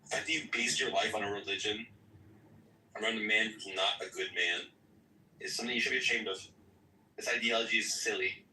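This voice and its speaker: A man's voice: fairly low pitch, a little fast, long pauses, bright, forceful tone. A man arguing hotly and profanely in an online voice-chat debate. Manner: heated, profane, emphatic. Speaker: debate participant. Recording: roomy, distant mic, faint noise.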